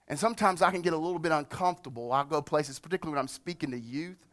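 A middle-aged male pastor preaching a sermon, slowing and rising on scripture and dropping soft and low when he reflects. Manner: emphatic preaching, slows and rises on scripture, drops soft on reflection.

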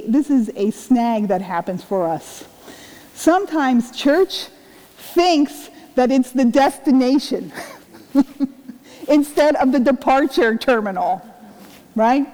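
A woman's voice: high-pitched, darkish tone. A middle-aged woman pastor giving a sermon in a conversational, earnest way, full of rhetorical questions. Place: church sanctuary. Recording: long reverb of a church sanctuary.

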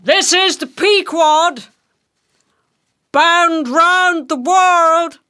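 A woman reading aloud voices an obsessed old sea captain who bellows slow, drawn-out hails across the water. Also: extremely high pitch, pushed and bright, voice pushed up, heavily acted. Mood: commanding hail.

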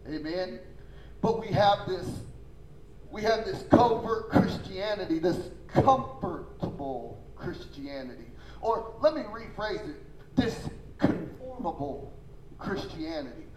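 High-voiced preaching pastor, man. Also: reverberant, slight background noise, poor audio. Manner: emphatic preaching with call-and-response; folksy, informal phrasing. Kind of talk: sermon.

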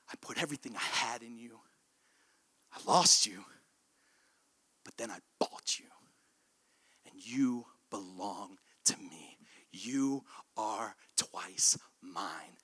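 A man's voice: fairly low pitch, animated, slow pace, long pauses, bright, forceful tone, husky, pitched below the performer's own voice, full character voice. A man voicing a young boy who pleads urgently to get his toy boat back. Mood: tender whisper.

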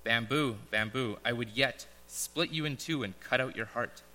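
A man voicing a gentle, grave male master of a garden in a read-aloud parable, speaking quietly and slowly. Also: mid-range voice, close to an everyday voice. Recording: echoey large hall.

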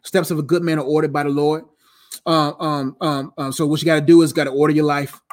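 Male preacher, 30s, high register, casual and emphatic, repeats his lines like a life coach. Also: flat delivery, fast. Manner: emphatic, conversational, repeats phrases.

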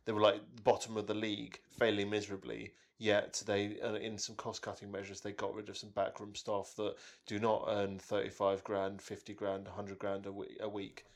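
Male co-host, low gravelly voice, rambling anecdotes. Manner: rambling storyteller, many restarts and fillers. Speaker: podcast co-host. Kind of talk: casual chat.

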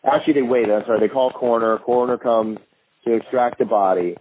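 Guy on a phone call telling a story, animated, does everyone's voices, tinny line w a bit of hiss. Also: medium pitch, quick pace. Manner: animated, acts out other people's lines in a raised voice. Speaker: guest filmmaker.

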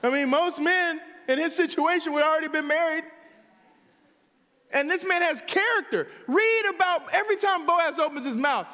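Full of energy, this male pastor keeps interrupting his sermon with laughter and brief side comments. He speaks in a fairly high register for a man, and the room adds a lingering reverb to everything he says.

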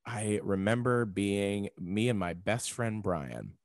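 A man's voice: on the low side, takes it slowly, no echo, studio quality. A man, a podcast guest, telling stories in casual chat and acting out the people in them. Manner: animated, acts out quoted people mid-story.

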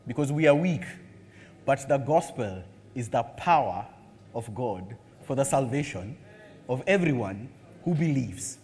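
A man preaching a sermon, animated and humorous, acting out bits of dialogue as he tells a story. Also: on the high side, big-room sound. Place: church hall.

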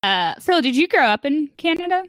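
A woman's voice: high voice, very animated, fairly quick, fairly bright tone, no echo. A woman from Texas co-hosting a podcast, asking the guest curious, friendly questions. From Texas, United States. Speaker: podcast co-host. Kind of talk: casual interview conversation.

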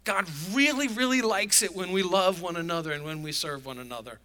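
A man's voice: high-pitched, fairly quick, bright, forceful tone. A male pastor delivering a sermon in an emphatic, conversational preaching manner.

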